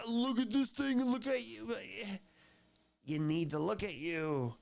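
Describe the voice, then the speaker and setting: A man's voice: high-pitched, unhurried, gravelly. A man streaming his reactions to videos, talking in an emotional, rambling way with lots of swearing. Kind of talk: casual reaction livestream.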